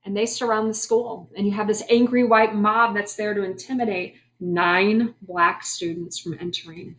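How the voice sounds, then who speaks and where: A woman's voice: mid-range voice, steady tone, normal speed, fairly bright tone. A woman teaching a history lesson in a conversational way, asking her class questions and making wry asides. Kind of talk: classroom lecture.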